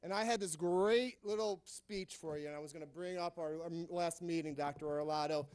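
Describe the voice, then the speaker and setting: A man with a notably high voice addresses a board from the podium. He is emphatic and confrontational, rallying his colleagues. The sound is close and dry. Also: fairly quick, a little mellow, no echo. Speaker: teacher speaking at public comment. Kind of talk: public comment speech. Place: public board meeting room.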